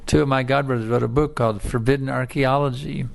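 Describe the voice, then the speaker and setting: A man's voice: mid-range voice, steady tone, quick pace, creaky. A man preaching a scripture lecture in a storytelling manner, repeating his points with emphasis.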